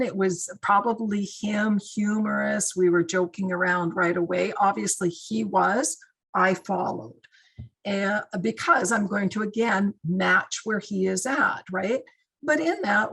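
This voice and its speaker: A woman's voice: medium pitch, creaky, slightly rough, rough recording. A middle-aged woman, a guest speaker in crisis intervention, telling stories conversationally in a training session over a video call. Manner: warm, conversational, with many fillers. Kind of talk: training talk with storytelling.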